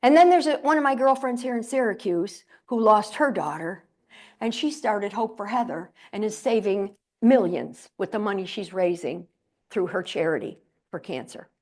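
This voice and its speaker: In a conference room before a live audience, an older central New York woman gives a funny motivational keynote, weaving stories with playful, chatty asides. Her medium-pitched voice is a little mellow, with lively intonation and a moderate pace.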